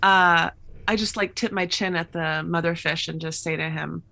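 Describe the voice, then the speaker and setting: A woman's voice: fairly low pitch, steady tone, moderate pace, gravelly, bright, forceful tone. A woman playing in a live tabletop game, brief and reactive. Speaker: player.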